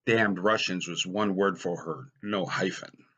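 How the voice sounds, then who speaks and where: A middle-aged American man telling wry personal stories in a dry, deadpan stand-up style. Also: low voice, unhurried, husky, dull audio. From United States. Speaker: storyteller.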